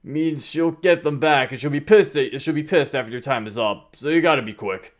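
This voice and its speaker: Brief: man reading a brusque male drill instructor, blunt and crude, raised a touch in pitch. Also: moderate pace, close to an everyday voice. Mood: instructing. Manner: brusque, matter-of-fact briefing.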